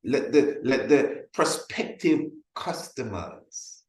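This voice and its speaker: A man teaching sales in a motivational, emphatic way, hammering his points home by repeating them. His voice sits in the middle of the usual range for a man. The sound is roomy, with a clear echo. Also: medium pitch, animated, takes it slowly, a little mellow. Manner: emphatic and repetitive, acts out little scenes. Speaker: business webinar presenter.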